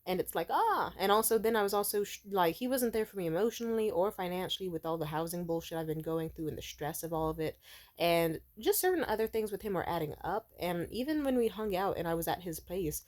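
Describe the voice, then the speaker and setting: A woman's voice: on the low side, animated, brisk, a little mellow. A young woman venting in a casual storytime vlog, frank and profane, rambling with lots of fillers. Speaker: vlogger.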